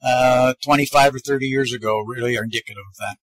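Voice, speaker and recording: A man's voice: medium pitch, fairly even intonation, fast, fairly bright tone, breathy edge, no room sound. A man hosting a podcast interview, mostly chiming in with brief agreeing remarks. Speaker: podcast host. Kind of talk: interview talk.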